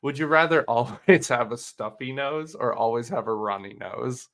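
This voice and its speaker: Man, bright voice, casual podcast chat, quick teasing remarks. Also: medium pitch, creaky.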